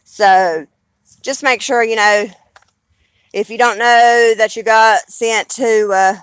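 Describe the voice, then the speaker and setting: A woman's voice: on the high side, steady tone, slow pace, clear, resonant tone, dry recording. A woman with a Southern US accent chatting casually on a live stream, rambling and blunt, swearing freely.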